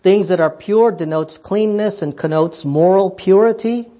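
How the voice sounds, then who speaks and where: A man preaching a sermon, asking pointed rhetorical questions and swinging between fervent high emphasis and quiet, low asides. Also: a little slow. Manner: emphatic, rhetorical questions, rising passionately then dropping low.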